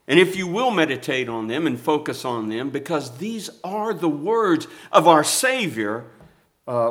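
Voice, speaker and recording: Male pastor, sermon delivery, slightly high pitch, emphatic builds. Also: fairly bright tone. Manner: preaching with rising emphasis, reads scripture slowly.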